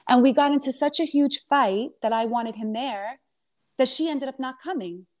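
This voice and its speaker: A woman guest in a casual chat, telling a long family story in a rambling, animated way. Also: sits high, moderate pace. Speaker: interview guest.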